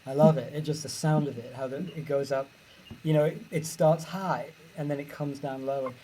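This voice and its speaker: A man's voice: medium pitch, fairly even intonation, normal speed, dark tone, a little hiss or hum, low-quality recording. A middle-aged British man answering interview questions as an author, musing and enthusiastic about how language sounds, on a video call. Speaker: author guest.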